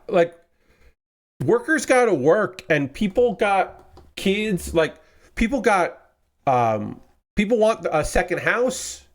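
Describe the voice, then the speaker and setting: Rambling man chatting on a stream. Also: fairly high pitch. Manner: rambling, with many restarts and swearing. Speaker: streamer building a model kit. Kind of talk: casual chat.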